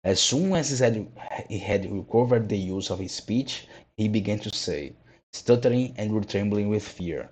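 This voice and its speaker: A man reading a children's classic aloud in a measured, steady way. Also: on the low side, breathy edge. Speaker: narrator. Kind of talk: storybook read-aloud.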